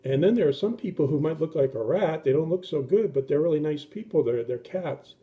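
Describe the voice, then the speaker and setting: A middle-aged man giving a children's sermon, explaining things simply and gently and acting out the voices in his story. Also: fairly high pitch, expressive, fairly quick. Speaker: children's pastor.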